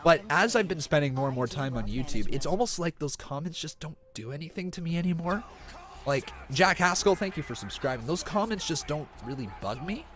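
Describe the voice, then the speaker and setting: Excitable man yelling wrestling commentary. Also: a little high, fairly quick, soft background music. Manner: yells and cheers during big moves, chats calmly between them. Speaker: live-stream wrestling reactor. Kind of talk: excited live play-by-play commentary and chat. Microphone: cheap microphone.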